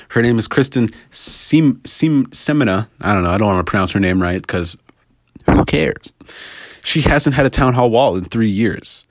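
A man's voice: lowish voice, no room sound, studio quality. A man from the United States giving a casual, sarcastic political rant, laughing often and breaking off mid-sentence.

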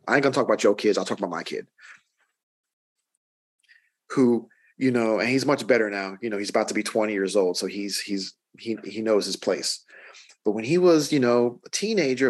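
A middle-aged man preaches to his congregation in a relaxed, chatty manner. His voice is husky, at a medium pitch. He stumbles over and repeats words and keeps asking "right?". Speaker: pastor. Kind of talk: sermon.

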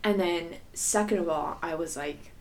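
A woman's voice: lowish voice, moderate pace, a little mellow, slight background noise. A young woman co-hosting a podcast, telling a personal story in casual, rambling chat full of fillers. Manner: rambling, filler-heavy, candid and profane. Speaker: podcast co-host.

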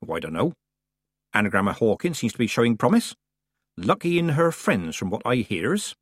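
A man voicing a blunt, sharp-tongued elderly witch in an audiobook, speaking in clipped, matter-of-fact lines. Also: medium pitch, big pitch swings, moderate pace, breathy edge, dry recording, clean studio sound. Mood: stern. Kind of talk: audiobook character reading.

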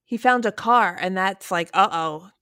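A woman chatting casually, recapping a film in an unhurried, emphatic way. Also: medium pitch, bright, forceful tone. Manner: unhurried, emphatic, says horrible a lot.

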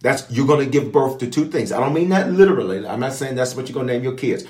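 A man preaching as a bishop, mid-pitched and emphatic, driving his points home with repeated phrases and prophetic declarations. He speaks directly to his online viewers. The voice rings out in an echoey room. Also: animated, quick pace, darkish tone. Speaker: bishop leading online prayer. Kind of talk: preaching prayer and Bible teaching.

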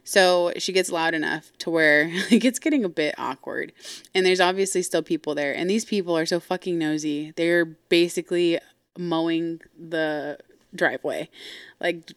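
A woman's voice: fairly low pitch, moderate pace, clear, resonant tone, no echo, studio quality. A woman hosting a podcast, telling a family story in a candid, casual way, swearing freely and acting out what others said. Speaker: podcast host.

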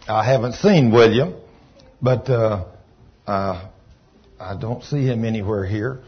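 A man preaching a storytelling sermon in a church, folksy and animated, sometimes rising to shouts of praise. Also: on the low side, takes it slowly, husky. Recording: dull lo-fi church recording.

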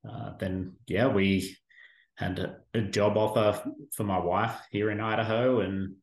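A man's voice: on the low side, level tone, measured pace. A middle-aged Australian man with an Australian accent, chatting easily in an interview with a dry, self-deprecating humor. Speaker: staffing firm guest. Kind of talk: casual interview. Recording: roomy echo.

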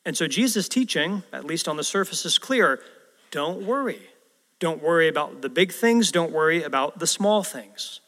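A man preaches a sermon with an easy, conversational delivery, often turning to the congregation with rhetorical questions. His voice sits a little high for a man. A long reverb from the large church hall hangs on every phrase. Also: expressive, moderate pace, a bit bright. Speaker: pastor.

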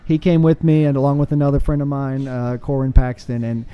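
A man's voice: mid-range voice, fairly even intonation, fairly quick, clear, resonant tone, muffled recording. A man with a Texan accent, a firefighter guest, speaking earnestly in a casual interview and laughing often. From United States.

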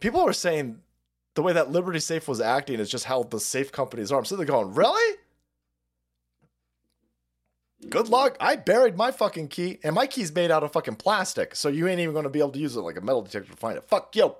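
A middle-aged man hosts a profane political livestream, loud and rambling. His fairly high-pitched voice is sing-song and racing as he reads out viewer messages, laughing frequently.

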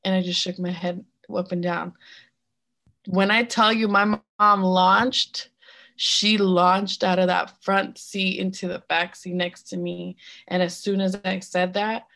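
A woman's voice: lowish voice, level tone, measured pace, creaky, a bit bright. A woman telling a personal story on a podcast, frank and blunt, swearing freely and full of fillers. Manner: mixes in other-language phrases mid-sentence. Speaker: podcast co-host.

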